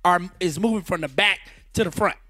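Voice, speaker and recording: High-voiced storytelling man, dry sound. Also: a little fast, no echo. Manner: acts out quotes, shouting and laughing. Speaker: radio personality telling a story. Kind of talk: animated storytelling.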